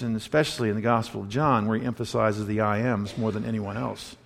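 A man's voice: lowish voice, steady tone, fairly quick, creaky, few pauses, big-room sound. A man preaching a sermon, emphatic and full of rhetorical questions for his congregation. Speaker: pastor.

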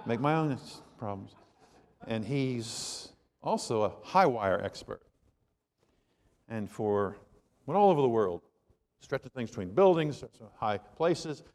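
A man's voice: medium pitch, expressive, slow pace, pauses often, a little mellow, big-room sound. A male pastor preaching a sermon in a conversational, joking storytelling manner with asides to the congregation.

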